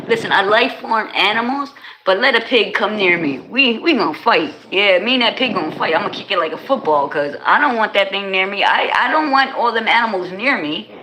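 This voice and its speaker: Bright-voiced woman streamer. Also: medium pitch, a little fast, few pauses, a little hiss or hum, poor audio. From New Jersey. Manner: animated, slangy, talks straight to chat. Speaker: livestreamer. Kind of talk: casual livestream chat with viewers.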